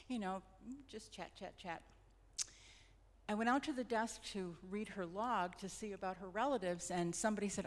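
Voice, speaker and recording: A middle-aged woman tells personal stories in a gentle, reflective way, pausing and restarting as she goes. She is a hospice nurse with a voice of middle pitch. Her voice carries a long reverb, as if heard in a church hall. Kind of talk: personal storytelling talk.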